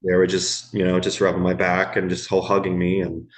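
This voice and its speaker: A middle-aged man, telling stories from his years as an emergency room medic in a podcast interview, slow and halting, repeating words as he goes. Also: deep voice, completely flat delivery, a crowd in the background. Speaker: guest, former ER medic.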